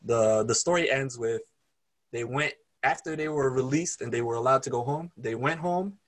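A man preaching, retelling a story in an animated, conversational way. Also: medium pitch, normal speed. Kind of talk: sermon storytelling.

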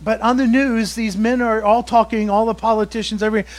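A man preaching a sermon as pastor, slowing down for emphatic quotes and chuckling between points. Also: sits high, little pitch movement.

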